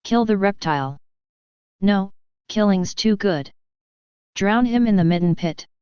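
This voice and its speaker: A woman's voice: mid-range voice, expressive, a little slow, a little mellow, smooth, no room sound, close to an everyday voice. A woman reading the part of an agitated young male asylum patient who lashes out with bitter, accusing outbursts. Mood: furious. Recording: dull dry studio audio.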